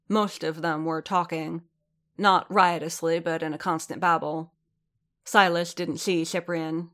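A woman narrating an audiobook in a measured, steady reading voice. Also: on the low side.

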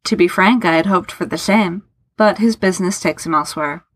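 A woman voicing a reserved, dejected English gentleman who answers in formal, clipped lines. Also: fairly low pitch, brisk, no room sound, natural voice. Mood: subdued.

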